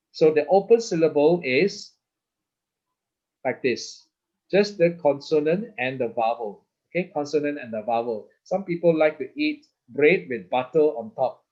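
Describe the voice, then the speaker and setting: With a mid-range, darkish voice and audio missing its high end, a Hebrew teacher walks students through a slide-based online lesson. He is patient, says words more than once, and keeps asking "okay?" after nearly each phrase.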